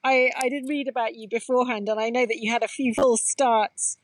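A woman's voice: a little high, steady tone, brisk, poor audio. A woman hosting a podcast interview, asking questions in an encouraging way. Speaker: podcast host.

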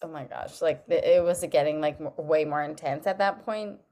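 A woman hosting a casual chat, supportive and quick to react with "oh my gosh" while asking questions. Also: low voice, mellow. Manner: supportive, frequent "oh my gosh" and "mm-hmm". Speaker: podcast host asking about the birth.

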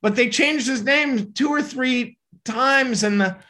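Brief: high, bright-voiced male comedian, quick, stop-start chat. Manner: fast, halting, with many restarts. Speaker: comedian guest. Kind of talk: casual podcast chat.

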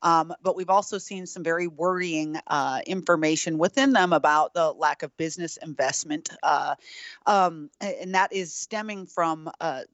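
Measured woman commentator on a podcast. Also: deep voice, a bit bright, dry recording, dull audio. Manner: measured, analytical, with fillers. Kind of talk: political discussion podcast.

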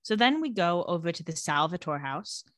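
A woman's voice: on the low side, big pitch swings, normal speed, no room sound, studio quality. A woman casually recapping and discussing a TV episode, retelling scenes and quoting characters. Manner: narrates scenes and quotes characters in a conversational tone. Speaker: podcast co-host recapping a TV show. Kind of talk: casual chat.

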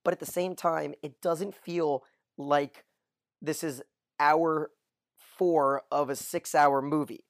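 A man's voice: on the high side, fairly even intonation, slow, no room sound, studio quality. A man co-hosting a casual podcast, going through a TV episode and asking his co-host questions. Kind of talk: casual TV recap chat.

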